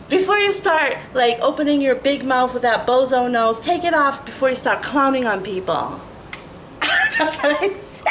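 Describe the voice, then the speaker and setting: A woman vlogger telling a story in a casual, animated way, swearing freely and acting out what she said at the time. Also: a little hiss or hum, low-quality recording. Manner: animated, chatty, profane, lots of "like" fillers; acts out her own quoted lines with rising pitch.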